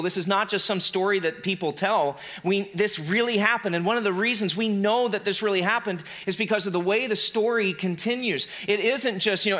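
A male pastor with a high-pitched voice preaches a sermon conversationally. He tosses in playful asides and re-enacts scenes with animation.

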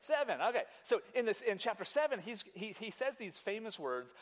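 A pastor preaching a sermon at a church service, emphatic and animated, often repeating words and speaking straight to the congregation. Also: male voice, sits high, a little fast.

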